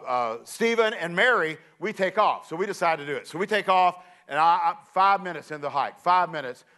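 Male preacher, middle-aged, high-pitched, animated storyteller who acts out voices. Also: brisk. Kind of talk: sermon illustration.

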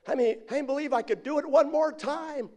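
A man's voice: very high voice, fast, dark tone, voice pushed up. A man voicing a boastful tightrope walker who coaxes a crowd to trust him. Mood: coaxing. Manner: coaxing showman calls to the crowd.

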